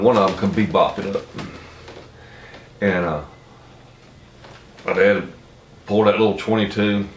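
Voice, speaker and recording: There's a little hiss or hum on this roomy recording, taken from a distant mic with faint ambience. On it, a middle-aged man from Tennessee, speaking low in a Southern accent, rambles through a folksy, blunt story.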